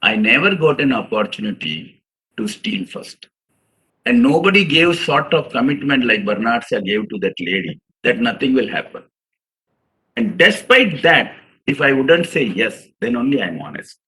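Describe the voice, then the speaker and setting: Bright-voiced man lecturing. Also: medium pitch, very animated, moderate pace, rough recording. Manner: earnest, addresses audience as "sir", acts out quotes. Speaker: chartered accountant giving a professional seminar. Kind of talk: seminar lecture with storytelling.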